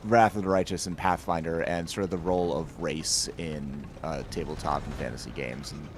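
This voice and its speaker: A man's voice: rumbling low, steady tone, moderate pace, background noise. A man streaming a co-op game, chatting casually with friends, joking and swearing at the game. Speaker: gaming streamer. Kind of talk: casual co-op gaming chat.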